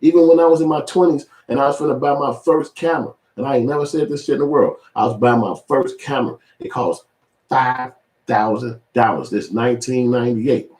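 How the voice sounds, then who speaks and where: A man in his forties giving casual, profane commentary, animated and switching into high mimicking voices. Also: fairly quick, echoey room. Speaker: video commentator.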